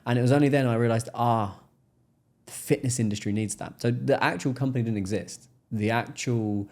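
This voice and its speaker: An English man, a podcast guest, telling stories in a relaxed interview and acting out the people in them. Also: mid-range voice, a little fast. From England. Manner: animated storyteller, acts out quoted voices. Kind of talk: casual interview storytelling.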